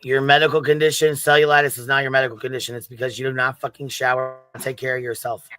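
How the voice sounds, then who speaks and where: A man's voice: medium pitch, flat delivery, fast, sharp tone, soft background music, low-quality recording. A man hosting reaction commentary, mocking and swearing at a clip he is reviewing. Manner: mocking, profane, combative. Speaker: commentary host.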